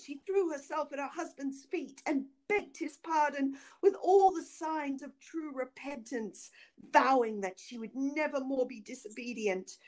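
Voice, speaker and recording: A woman's voice: sits high, a little mellow. Woman reading a fairy tale aloud. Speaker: reader. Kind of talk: storybook narration.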